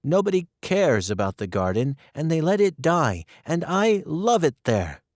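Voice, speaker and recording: A man doing a timid, excitable little girl from a storybook, her voice pitched well up and swinging eagerly from line to line as she pleads and confides. Slow, careful delivery, recorded close and dry. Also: no echo. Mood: pleading.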